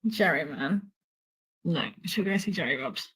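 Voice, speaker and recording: A woman's voice: lowish voice, animated, normal speed, a bit bright. A woman vlogging as a pet sitter, talking to dogs in playful baby talk and echoing their howls. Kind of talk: casual vlog chatter to pets. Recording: echoey room.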